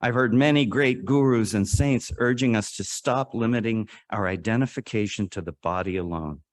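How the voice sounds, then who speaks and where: A man delivers a storytelling sermon to a congregation in a fairly low voice. He speaks earnestly, climbing to dramatic rises and then falling to hushed drops. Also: moderate pace, hardly any pauses. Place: worship service hall.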